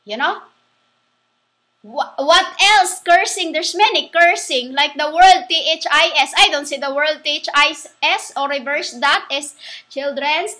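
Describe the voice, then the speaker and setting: A woman giving a rambling religious monologue, halting and restarting, spelling words out letter by letter. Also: high-pitched, bright, forceful tone. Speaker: self-styled preacher.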